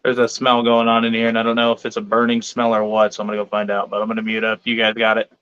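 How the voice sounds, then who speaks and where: Man, stream host, casual chat, bright forceful voice, muffled lo-fi sound. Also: on the low side, monotone, fast talker, clear, resonant tone. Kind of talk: casual live stream talk.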